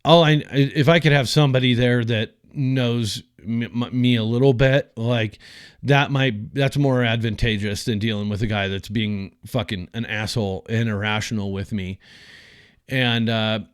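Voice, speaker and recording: A man's voice: mid-range voice, fairly even intonation, moderate pace, clean tone, dry recording, studio quality. A man hosting a podcast, telling a personal story in a casual, rambling, profane way with lots of fillers. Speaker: podcast host.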